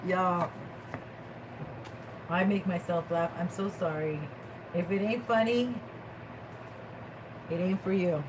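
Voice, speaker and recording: A woman's voice: fairly low pitch, slow, long pauses, noisy background. A woman doing a casual tarot reading vlog, playful and slangy, joking with her viewers. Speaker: tarot reader.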